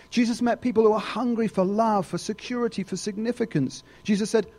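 A man preaching a sermon, emphatic and animated. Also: brisk, hardly any pauses. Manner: animated, wide swings in pitch, emphatic.

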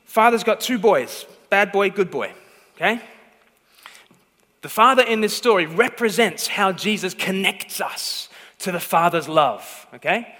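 A man's voice: high-pitched, sharp tone, big-room sound. A man preaching a sermon, telling a story emphatically and often checking in with the listeners. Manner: emphatic storytelling, repeated "okay?" check-ins.

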